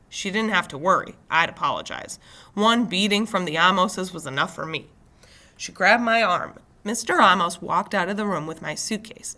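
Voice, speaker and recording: A woman teacher reading a novel aloud to her class in a steady storytelling voice. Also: lowish voice.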